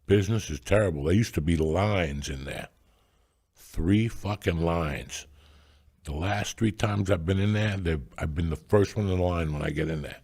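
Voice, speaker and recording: A man in his sixties with a raspy, gravelly voice, telling profane rambling stories as a podcast host. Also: deep voice, moderate pace, darkish tone. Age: 60s. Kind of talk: casual storytelling chat.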